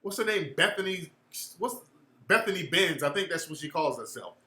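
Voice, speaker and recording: A man talks straight to his viewers in loose street slang, blunt and profane. His voice sits a little high with a bright, forward edge. The room around him rings with echo. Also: animated, moderate pace. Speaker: host answering viewers. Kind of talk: casual livestream chat.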